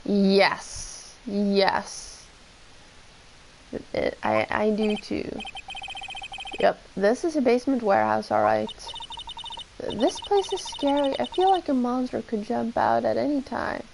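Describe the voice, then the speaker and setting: A woman's voice: fairly high pitch, expressive, slow, gravelly, a little mellow, a little hiss or hum, low-quality recording. A woman streamer reading game dialogue aloud and chatting between the lines, in a dramatic, chatty way.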